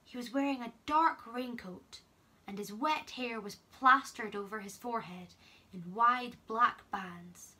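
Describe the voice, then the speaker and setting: A young woman camp counselor reading a children's storybook aloud, gently and expressively. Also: fairly high pitch, measured pace, husky.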